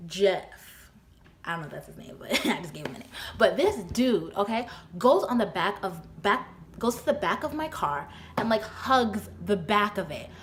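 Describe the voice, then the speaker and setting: A young woman recounting a story to camera for her vlog, at a middling pitch. She talks casually, peppering her speech with fillers and bursts of laughter. When she quotes her own exasperation, her voice shoots up high. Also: sing-song, moderate pace, slight background noise. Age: young adult. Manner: chatty, filler-heavy, often laughing. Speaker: vlogger. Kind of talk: storytime retelling.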